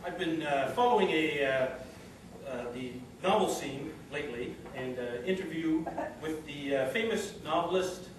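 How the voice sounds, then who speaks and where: A man's voice: fairly high pitch, expressive, measured pace, slight background noise. A man with a Canadian accent improvising as a mock-serious news anchor. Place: theatre stage with live audience. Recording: echoey stage recorded from far off.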